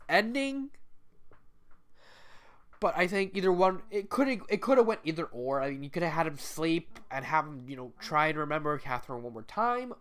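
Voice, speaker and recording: A man's voice: fairly high pitch, a bit bright, smooth. Tearful man giving a rambling, casual spoken review. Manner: rambling, emotional, many restarts and fillers. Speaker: fan fiction reviewer.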